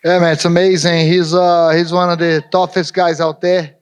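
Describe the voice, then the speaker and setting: A man on a fighters' panel answering in halting, loosely built English. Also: a little high, flat delivery, clear, resonant tone. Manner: halting, non-native grammar.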